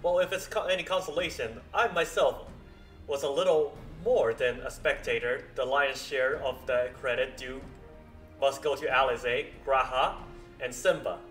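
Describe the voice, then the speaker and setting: Male streamer at an average pitch reading game text aloud, trips over words and restarts, faint music behind. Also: fairly even intonation, fairly bright tone. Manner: halting read-aloud with frequent stumbles and self-corrections.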